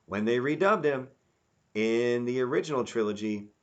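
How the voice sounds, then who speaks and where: A man giving a rambling, casual review, animated and acting out quotes in mock voices. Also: mid-range voice, moderate pace, lo-fi sound. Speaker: YouTube reviewer.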